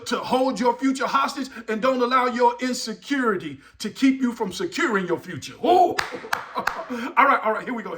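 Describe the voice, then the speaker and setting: A middle-aged man delivers a motivational speech in the style of a preacher, repeating his key lines and pushing the listener to act. His voice sits high and sounds bright and forceful. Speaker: motivational speaker.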